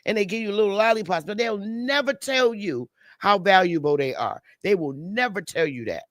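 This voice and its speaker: A woman's voice: medium pitch, animated, moderate pace, dry recording. A woman speaking as a panelist on a live stream, delivering a heated, blunt and profane rant over a video call. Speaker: livestream panelist.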